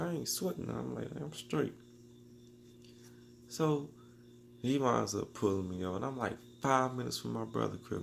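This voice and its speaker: Gravelly low-voiced man telling a story. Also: a little hiss or hum. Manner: loose, rambling slang-filled storytelling with restarts. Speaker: beatmaker telling a personal story. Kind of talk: casual storytelling.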